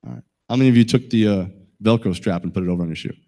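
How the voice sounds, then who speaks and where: A man's voice: fairly low pitch, racing, mellow. Middle-aged guy doing a safety talk, jokey, keeps asking the crowd stuff. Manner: folksy, joking, asks the audience questions. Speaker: safety presenter. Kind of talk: talk to a live audience.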